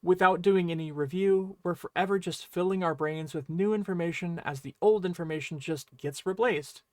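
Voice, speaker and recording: Male online language teacher, high voice, friendly and explanatory, dry close sound. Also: moderate pace, no room sound. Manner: friendly explaining, often checking in with "right?".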